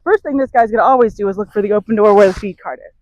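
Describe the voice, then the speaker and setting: A woman horse trainer giving a hands-on demonstration, explaining to the camera as she works a horse and softly praising it between points. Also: medium pitch, very fast, muffled recording, a little hiss or hum. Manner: talks to the camera while working a horse, with soft praise between.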